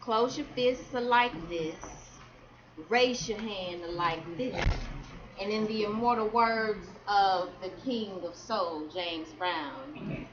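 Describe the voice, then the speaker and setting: A woman's voice: mid-range voice, slow pace, highs cut off. A woman performing spoken word poetry at a community celebration, rhythmic and calling out to the crowd. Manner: rhythmic, call-and-response with crowd. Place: community celebration event hall.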